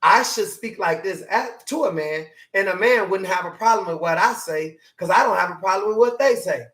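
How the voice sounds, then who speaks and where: A man preaching a motivational sermon, animated and hollering, his voice climbing higher as he makes his point. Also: normal speed. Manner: voice climbs high when emphatic.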